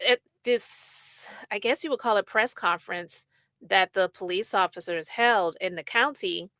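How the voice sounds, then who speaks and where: A woman's voice: medium pitch, measured pace, a bit bright, dry recording. A woman hosting a podcast, reading out news and giving her blunt opinions in a chatty, casual way. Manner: chatty, opinionated, reads news aloud and riffs. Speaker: podcast host.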